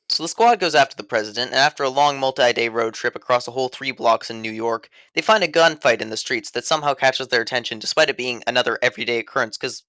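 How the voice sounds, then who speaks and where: A man's voice: mid-range voice, fast, hardly any pauses, sharp tone, no room sound. A man narrating a scripted video game review voice-over in a sarcastic, mock-serious way.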